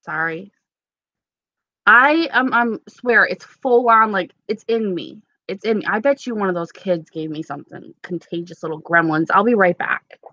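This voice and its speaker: A woman's voice: mid-range voice, normal speed, pushed and bright, dry recording, lo-fi sound. A young woman hosting a casual live stream with a sore, stuffy throat, chatting with viewers and answering them by name. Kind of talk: casual live-stream chat reading comments.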